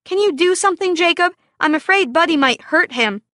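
A woman's voice: very high-pitched, expressive, a little fast, sharp tone, dry recording, pitched above the performer's own voice, heavily acted. A woman voicing a bossy, worried farm girl who scolds and pleads in a dry, close storybook reading.

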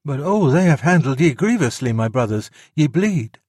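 A man's voice: on the high side, animated, normal speed, a little mellow, breathy edge, dry recording, clean studio sound, pitched above the performer's own voice. A man voicing an earnest young jungle boy in a storybook reading, with a raised, eager voice.

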